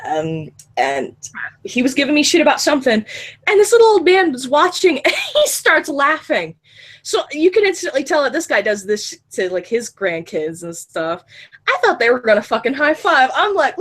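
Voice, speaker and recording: A woman in her early twenties telling a funny story in casual chat, animated, laughing often and swearing freely. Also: high voice, normal speed. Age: 20s.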